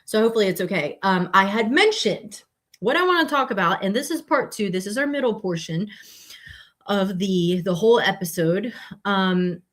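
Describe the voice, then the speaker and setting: Woman podcast host, casual and rambling, mid-pitched, live-stream chat. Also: expressive, moderate pace. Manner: chatty and rambling, with many fillers and self-corrections.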